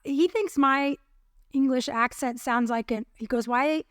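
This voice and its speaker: A woman's voice: high voice, a little slow, a bit bright, no room sound, clean studio sound. A middle-aged woman co-hosting a podcast in casual, playful, self-mocking chat. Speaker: podcast co-host.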